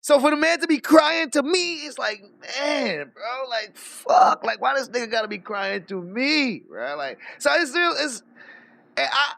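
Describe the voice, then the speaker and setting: A man with a high, gravelly voice tells a story in a loose, profane rant, animated and quick to laugh. The sound is dry and close, with no room around it. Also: no room sound. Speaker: streamer. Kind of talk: casual rant.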